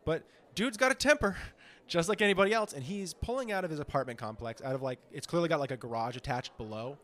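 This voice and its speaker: A man's voice: on the high side, fast talker. A man co-hosting a comedy podcast in casual, profane, rambling chat full of "like"s. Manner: animated, profane, rambling with many "like"s. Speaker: podcast co-host.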